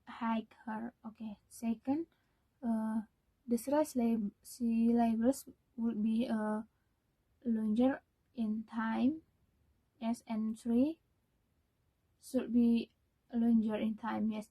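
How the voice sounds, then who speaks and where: Young woman doing a class presentation in english, slow and halting, dark husky voice. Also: fairly high pitch, level tone, poor audio. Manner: halting, many fillers and restarts. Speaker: student.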